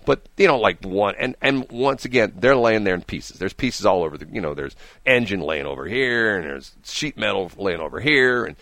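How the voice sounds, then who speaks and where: A man's voice: on the low side, lively intonation, normal speed, few pauses, pushed and bright, dry recording. A man hosting a radio morning show, telling rambling, jokey stories in casual on-air banter and often repeating his words. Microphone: studio microphone.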